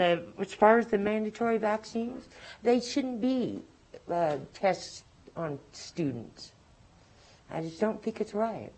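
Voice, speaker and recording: A woman giving an agitated, halting public comment to a school board, complaining about its policies. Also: mid-range voice, a little mellow, poor audio.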